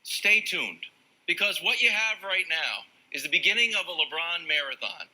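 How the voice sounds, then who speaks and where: Sports talk host guy, high bright voice, kinda husky, joking around with the panel. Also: lively intonation, normal speed, poor audio. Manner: playful, laughs and teases co-hosts. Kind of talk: lively sports debate.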